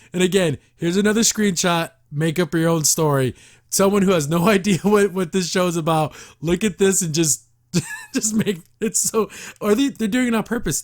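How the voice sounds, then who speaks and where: A man hosting a podcast, giving casual commentary on a cartoon episode in a sarcastic, mocking and exasperated way. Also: fairly high pitch.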